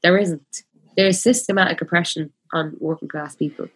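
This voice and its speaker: A woman's voice: fairly low pitch, fairly even intonation, a bit bright, slightly rough. A woman in her twenties with a Dublin accent, talking passionately in a casual chat, full of fillers. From Ireland. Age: 20s. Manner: passionate, talks fast with many fillers.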